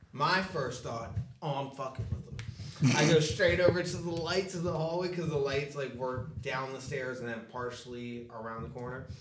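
A young man animatedly telling a childhood story on a podcast, laughing and swearing as he goes. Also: on the high side. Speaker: podcast co-host. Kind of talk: casual storytelling. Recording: echoey room, distant mic, background noise.

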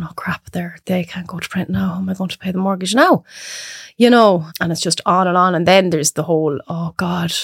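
Irish woman, 30s, guest; animated storyteller, dry close mic. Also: fairly low pitch, creaky, no room sound. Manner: animated storyteller acting out quotes. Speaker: podcast guest. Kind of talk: casual chat.

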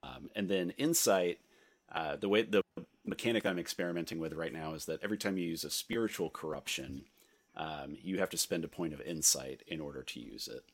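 A young man running a tabletop game, relaxed and hesitant with many fillers. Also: a bass voice, a little fast. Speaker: game master.

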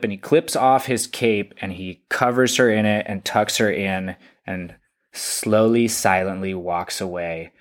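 A man co-hosting a casual chat, enthusiastically retelling scenes from a comic in detail. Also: on the low side. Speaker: podcast co-host.

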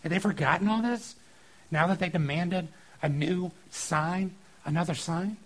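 A man preaching a casual sermon on a scripture passage, informal and animated, breaking into acted-out quotes. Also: high voice, unhurried, low-quality recording. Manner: informal and animated, acting out quotes with filler likes.

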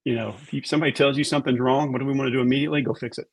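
A man with a slightly husky voice speaks earnestly about faith as a podcast guest. His pitch sits in the middle range, and he leans on repeated words for emphasis. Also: fairly even intonation, racing.

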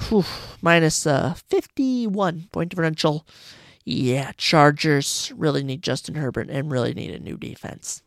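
Gravelly-voiced man grumbling through a sports recap. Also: on the high side, a little slow, dry recording, clean studio sound. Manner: rambling, grumbling and sarcastic. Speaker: podcast host. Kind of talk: solo sports podcast recap.

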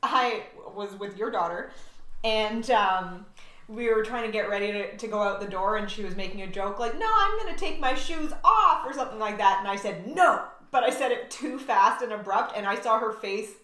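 A woman's voice: mid-range voice, steady tone, moderate pace, fairly bright tone. A woman co-hosting a podcast in casual chat, telling stories in an earnest, reflective way. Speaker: podcast co-host. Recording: roomy room sound.

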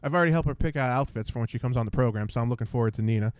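A man hosting a podcast who tells a story in a combative, animated way. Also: mid-range voice, racing, smooth, no echo. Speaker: podcast host. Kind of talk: storytelling monologue.

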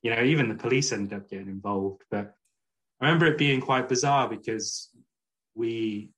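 A man's voice: mid-range voice, normal speed, a bit bright. A man guesting on a podcast, telling a story in a casual, rambling way with lots of "like" and "you know".

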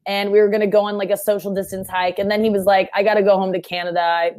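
A young woman in casual chat, telling a story fast and animatedly and shouting out the quoted lines. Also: mid-range voice, level tone.

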